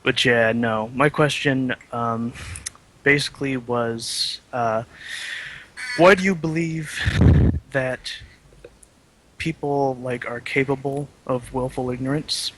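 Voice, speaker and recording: Male caller, mid-pitched, hesitant and rambling, full of fillers. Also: fairly even intonation, takes it slowly, pauses often, fairly bright tone, slight background noise, low-quality recording. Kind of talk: call-in question.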